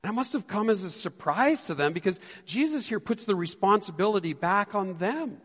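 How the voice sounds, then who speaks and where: A man preaching a sermon as a pastor, animated and acting out the disciples' lines. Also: high voice, fairly quick, breathy edge, in a large hall.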